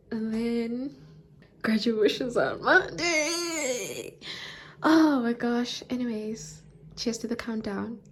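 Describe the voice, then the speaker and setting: A young woman in her twenties chatting casually in a vlog clip, relaxed and musing aloud. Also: fairly high pitch, slight background noise. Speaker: vlogger.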